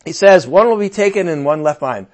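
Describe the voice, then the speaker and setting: A man preaching a sermon in a conversational, animated way, with playful asides and sudden outbursts. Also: a little high, quick pace.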